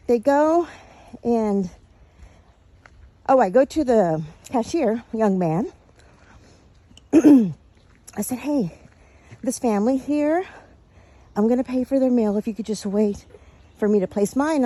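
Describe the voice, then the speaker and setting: A woman's voice: a little high, lively intonation, measured pace, pauses often, dark tone. A woman from Texas, telling a personal faith story earnestly, a little out of breath. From Texas, USA. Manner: earnest, quotes people in small voices.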